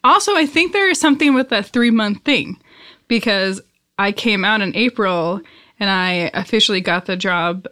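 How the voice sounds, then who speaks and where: A young woman who works as an audio engineer, speaking casually in a flat, monotone way. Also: mid-range voice, moderate pace. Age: young adult. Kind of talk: casual chat.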